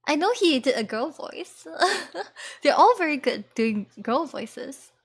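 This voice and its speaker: Giggly high-voiced young woman streamer. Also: big pitch swings, slow pace. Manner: giggly, rambling, chatty with viewers. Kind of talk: casual stream chat and karaoke singing.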